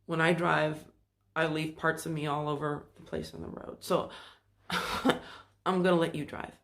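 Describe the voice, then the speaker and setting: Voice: mid-range voice, level tone, moderate pace, fairly bright tone. A host of a spiritual self-help channel, talking in a casual, rambling monologue with loose phrasing and restarts. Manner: acts out quoted voices in passing.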